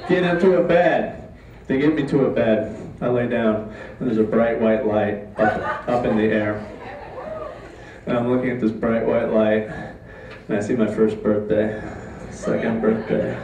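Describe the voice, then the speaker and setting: A man telling a comic true story on a live stage, with a deadpan, mock-dramatic delivery. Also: medium pitch. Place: live stage before an audience. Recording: echoey room, distant mic, faint ambience.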